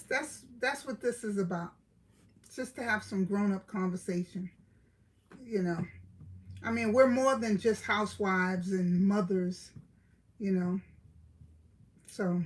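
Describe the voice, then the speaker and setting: Slow-talking Brooklyn woman hosting a live stream. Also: mid-range voice, low-quality recording. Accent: New York (Brooklyn). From Brooklyn, New York. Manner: chatty, greets viewers by name, laughs often. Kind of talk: casual live-stream chat.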